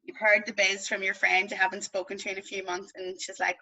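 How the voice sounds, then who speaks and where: A woman's voice: medium pitch, flat delivery, quick pace, few pauses, pushed and bright, breathy edge, rough recording. A woman with a West Belfast accent teaching a beginners' language class over a video call, chatty and playful, drawing out vowel sounds to demonstrate them. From Northern Ireland.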